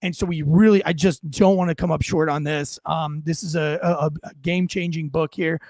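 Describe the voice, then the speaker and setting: Gravelly, high-voiced podcast host. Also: male voice, steady tone, moderate pace, darkish tone, no echo, clean studio sound. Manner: emphatic, punchy, with many fillers. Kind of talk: casual podcast commentary.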